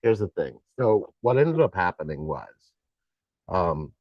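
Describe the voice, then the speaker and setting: Deep-voiced joking middle-aged man. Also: unhurried, no echo, lo-fi sound. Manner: animated, joking, swears casually. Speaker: co-host. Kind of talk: casual live stream chat.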